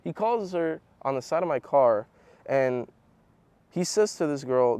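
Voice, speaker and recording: A man's voice: mid-range voice, animated, measured pace, dark tone, clear, resonant tone, dry recording. A young man rambling through a personal story in casual slang, calling the listener "bro" often. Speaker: vlogger telling a personal story.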